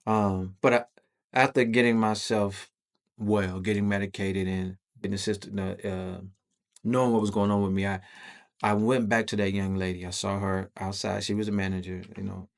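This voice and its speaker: A man's voice: on the low side, little pitch movement, moderate pace, vocal fry. A man hosting a podcast, telling a personal story in loose, slangy, profane conversational talk. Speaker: podcast host.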